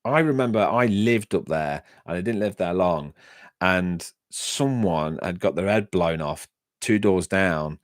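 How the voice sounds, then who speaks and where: A man's voice: deep voice, lively intonation, unhurried, no room sound, clean studio sound. An English man chatting on a casual livestream, reading chat and rambling from story to story with frequent laughs and restarts. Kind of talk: casual live-stream chat.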